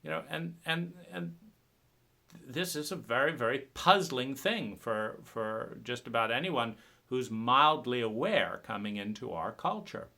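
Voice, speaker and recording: A man talking about his own painful past in an emotional, halting monologue, often repeating words and swearing when upset. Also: mid-range voice, vocal fry, bright, forceful tone. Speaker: speaker sharing personal story.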